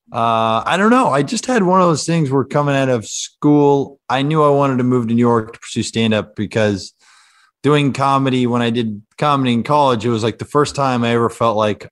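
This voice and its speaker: A man's voice: mid-range voice, lively intonation, normal speed. A man in his thirties from Kansas chats as a podcast guest in a mid-range voice. He talks in a loose, self-deprecating way, dropping dry jokes between ums and uhs. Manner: self-deprecating, dry joking with hesitant fillers. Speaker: comedian guest. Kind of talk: casual podcast chat.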